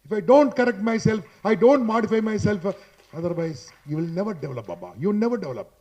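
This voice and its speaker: In a hotel hall, a fast-talking man with a high-pitched, animated, darkish voice and an Indian English accent speaks into a handheld mic. His motivational talk on public speaking is emphatic and repetitive, aimed at a live audience. He chats with them directly and keeps tagging points with "boss."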